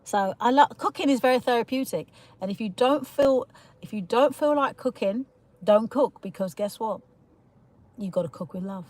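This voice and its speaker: A woman with a slightly high, somewhat mellow voice speaks at normal speed while hosting a casual livestream. She rambles through her opinions, laughs often, and greets viewers as she reads their chat comments aloud.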